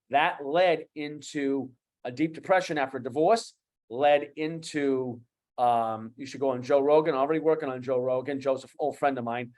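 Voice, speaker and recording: A man from the USA in his fifties, speaking with a Boston accent at a medium pitch, appears as a guest coach on an online talk show. He's animated and emphatic, repeating his key phrases.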